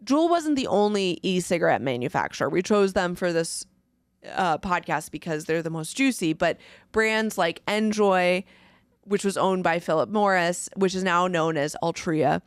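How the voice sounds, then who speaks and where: A woman's voice: fairly low pitch, expressive, normal speed, dry recording. A woman co-hosting a podcast in casual chat, chatty and sarcastic, often laughing, on a close mic. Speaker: podcast co-host.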